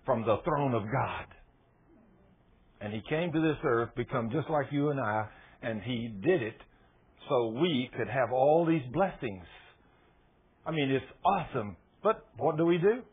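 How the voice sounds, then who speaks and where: A man preaching a sermon in a folksy, emphatic way, repeating phrases and rising to loud peaks. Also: mid-range voice, expressive, a little slow, long pauses. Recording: husky voice over a tinny phone-like line.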